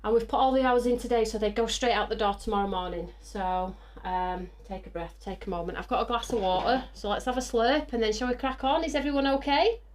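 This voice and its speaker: A woman's voice: on the high side, fast talker, hardly any pauses. A woman hosting a live crafting stream, chatty and bubbly, talking straight to her viewers while catching her breath. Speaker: host of a live crafting show. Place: craft studio.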